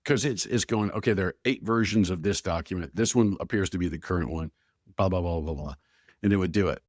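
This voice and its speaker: A man with a fairly low voice, talking as a guest on an interview podcast. He tells anecdotes with energy, acts out what people said, and waves details away with "blah, blah." The sound is dry and close, with no room echo. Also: brisk. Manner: animated storyteller who acts out quoted dialogue, with filler "blah, blah". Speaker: guest, AI strategy expert.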